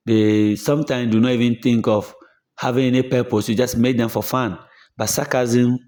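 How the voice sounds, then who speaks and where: A man's voice: on the low side, darkish tone. A middle-aged man teaching literature in a plain explaining manner, repeating his points and acting out example quotes. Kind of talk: explanatory lesson.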